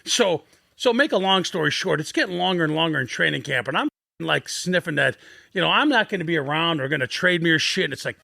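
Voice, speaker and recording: Gravelly, profane man telling a story. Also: a little high, animated, quick pace, pushed and bright, no echo, studio quality. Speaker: guest. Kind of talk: casual storytelling on a sports podcast.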